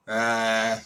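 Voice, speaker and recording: A middle-aged man, excitedly telling a story as a guest, halting and restarting often. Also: lowish voice, clean tone, rough recording. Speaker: guest church member. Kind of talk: casual testimony.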